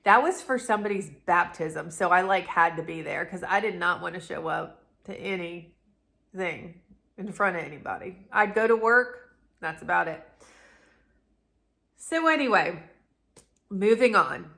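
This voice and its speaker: A woman's voice: lowish voice, measured pace, gravelly, pauses often, a bit bright. A woman, telling a personal story to camera in a chatty, rambling way. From Southern United States. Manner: chatty, rambling, addresses viewers as y'all. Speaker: vlogger, channel host.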